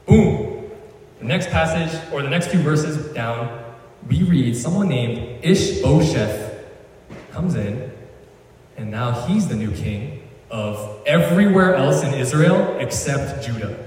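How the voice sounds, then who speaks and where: A man's voice: mid-range voice, expressive, slow pace, a little mellow. A man giving a casual sermon as a youth pastor, chatty and slangy, retelling the story with lots of asides. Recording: echoey hall, voice from far off.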